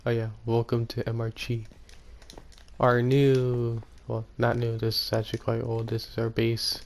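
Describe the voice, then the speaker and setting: A man casually commenting on his own gameplay, rambling and correcting himself, often speaking quietly. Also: mid-range voice, completely flat delivery, measured pace. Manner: rambling, self-correcting, soft-spoken. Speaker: gaming YouTuber.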